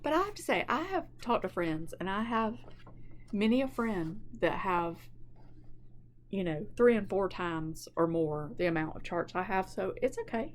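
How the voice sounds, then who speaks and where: A woman's voice: mid-range voice, expressive, normal speed, slight background noise. A woman, chatting casually to camera about her stitching projects and gushing over patterns. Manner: chatty and gushing, repeats words for emphasis. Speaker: cross-stitch vlogger.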